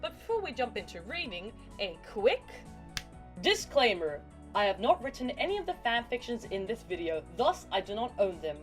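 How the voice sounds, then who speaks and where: A woman's voice: fairly high pitch, sing-song, normal speed, faint music behind. A young woman, chatty and playful, hosting a casual video where she reads stories into a microphone. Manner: chatty, playful, self-mocking. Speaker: fanfiction reader and video host. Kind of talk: casual chat and story reading.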